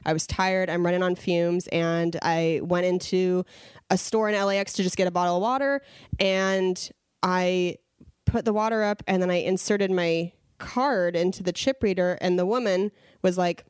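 Animated storytelling woman, dry sound. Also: fairly low pitch, moderate pace, clean tone, no room sound. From Los Angeles area. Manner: animated storyteller, acts out quotes, laughs often. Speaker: podcast co-host. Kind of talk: casual chat.

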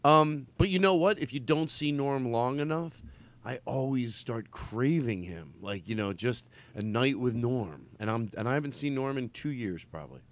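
A man in casual chat, talking haltingly and restarting his sentences. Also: medium pitch, lively intonation.

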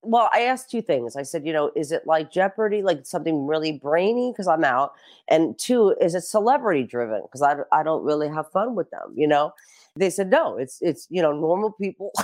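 A woman in her fifties chatting casually as a guest, telling lively, profane stories. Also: sits low, moderate pace. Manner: animated storytelling, profane. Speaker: celebrity guest. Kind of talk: casual chat.

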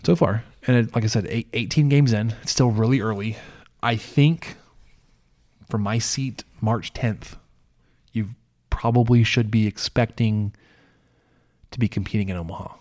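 A man's voice: on the low side, a little slow. A man hosting a podcast, chatting casually about sports with easy restarts. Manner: relaxed, repeats words. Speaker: podcast host.

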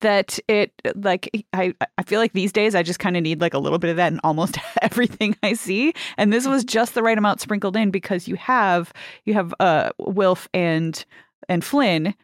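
Lady co-host, all excited and giggly, dry mic. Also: medium pitch, moderate pace, no room sound. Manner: enthusiastic, giggly. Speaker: podcast co-host. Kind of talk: casual chat.

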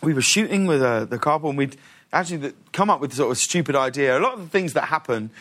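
A man, a talk show guest telling a long story in casual chat, animated and laughing often. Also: fairly high pitch, quick pace.

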